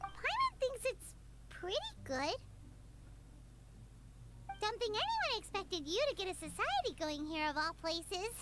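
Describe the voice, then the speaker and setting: A woman's voice: big pitch swings, unhurried, long pauses, heavily acted. A woman voicing a tiny floating female fairy companion, chirpy and cheeky, who speaks of herself in the third person. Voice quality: high, sing-song, refers to herself in the third person.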